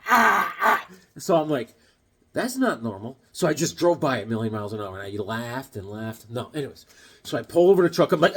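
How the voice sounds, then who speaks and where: A man with a high, husky voice talks casually about a haul of comic books. His pitch swoops all over, and he keeps slipping into silly put-on voices and jokes. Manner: animated and jokey, slips into silly voices. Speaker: comic book collector showing his haul. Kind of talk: casual chat.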